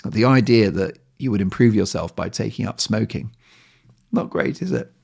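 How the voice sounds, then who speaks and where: A man's voice: fairly low pitch, moderate pace, gravelly, a little mellow, slightly rough. A man hosting a solo podcast, talking in a conversational way with many fillers and repeated words. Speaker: podcast host.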